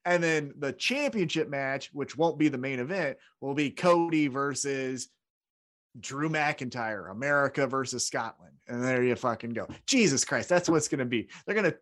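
Lively animated man on a podcast. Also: mid-range voice, moderate pace. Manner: animated, acts out wrestlers with loud put-on voices. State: unemployed. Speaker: podcast co-host. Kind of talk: casual wrestling podcast chat.

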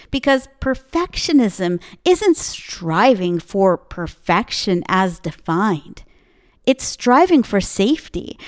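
Punchy motivational woman host, smooth-voiced. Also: a little high. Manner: emphatic, punchy repetition of slogans. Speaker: podcast host. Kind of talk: motivational podcast monologue. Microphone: podcast microphone.

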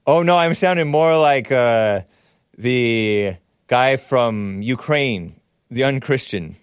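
A man's voice: medium pitch, slow pace, clear, resonant tone, no room sound, studio quality. A man hosting a show, giving sarcastic, mocking commentary on the news. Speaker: host.

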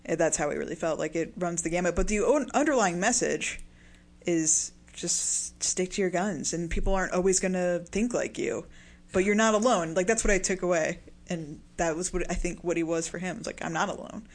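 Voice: mid-range voice, fairly quick. Chatty podcast co-host. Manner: chatty, frequent "like" fillers. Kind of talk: casual discussion.

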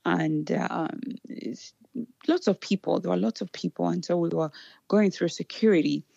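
A Ugandan woman with a low, gravelly voice tells a story in a casual interview. She is animated, laughs often and restarts her sentences, and the recording sounds dull and dry. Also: normal speed, dry recording. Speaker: guest.

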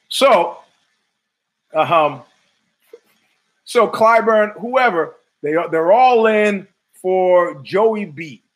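A man's voice: on the high side, poor audio. Profane, sardonic man ranting solo. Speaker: podcast host. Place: home.

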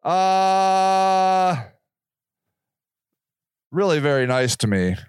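Profane, lively-voiced older man ranting. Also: high-pitched, extremely slow, smooth, no echo, clean studio sound. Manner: profane, sarcastic, laughs at himself. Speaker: podcast host. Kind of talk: casual ranting monologue.

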